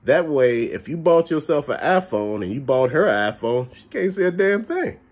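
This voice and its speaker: A man with a slightly husky voice rants straight to camera. His pitch swings up and down as he talks, and he is blunt and plain-spoken, cursing freely. His delivery is casual and unpolished. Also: normal speed. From Chicago area. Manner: animated, blunt, curses often. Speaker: vlogger ranting about stores. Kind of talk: casual profane rant.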